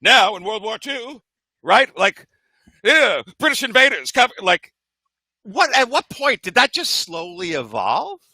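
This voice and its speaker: A man co-hosting a podcast in casual chat, animated and firing off rhetorical questions. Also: sits high, a little slow, slightly rough, no echo. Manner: animated, jumps between topics with rhetorical questions. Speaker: podcast co-host.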